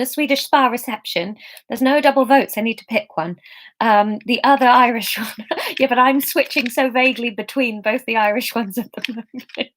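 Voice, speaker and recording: A woman's voice: fairly high pitch, a bit bright, a little hiss or hum. Playful woman reading her own story aloud. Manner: playful, chatty, laughs at her own jokes.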